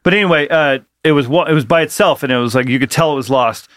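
Guy cohosting a podcast, kinda high voice, dry close mic, rambly and sweary. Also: fast talker, a bit bright, no room sound. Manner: rambling storyteller, swears freely. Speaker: podcast co-host. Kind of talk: casual chat.

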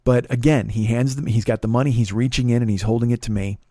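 This middle-aged comedian and podcast host talks fast in a steady, dark, mid-range voice. He rambles through a profane story in casual monologue, frequently restarting and repeating himself. The studio recording is clean, with no room sound.

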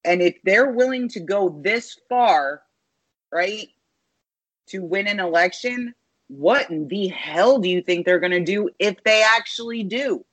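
A man's voice: high-pitched, unhurried, fairly bright tone, no echo, poor audio. A man co-hosting a podcast, talking politics emphatically and stressing points by repetition. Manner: emphatic, repeats words for stress. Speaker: podcast co-host. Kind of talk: casual political chat.

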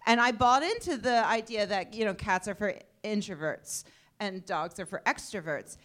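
A young adult woman in casual comedic chat, profane and animated, acting out her pets in stories. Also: medium pitch, moderate pace. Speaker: podcast panelist.

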